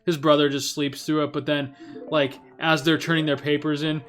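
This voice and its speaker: A man's voice: on the high side, flat delivery, normal speed, fairly bright tone, soft background music. A man co-hosting a game let's play, rambling through an invented story with lots of laughter and "like". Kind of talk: casual gaming commentary.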